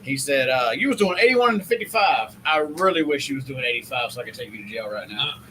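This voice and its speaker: Lively, bright-voiced man telling a wry story. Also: medium pitch, quick pace, a little hiss or hum, low-quality recording. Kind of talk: casual storytelling chat.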